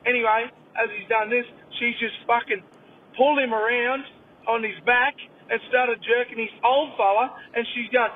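An Australian man phoning in a rowdy, swear-heavy yarn as a voice message from his car, doing squeaky voices for the people in it. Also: fairly even intonation, moderate pace. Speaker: caller. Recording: lo-fi distant voice note from a car.

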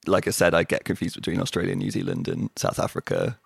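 A British man hosting a casual chat, rambling and correcting himself, with a gravelly voice. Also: deep voice, big pitch swings, quick pace, dry recording, clean studio sound. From Britain. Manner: rambling, self-correcting, laughs often.

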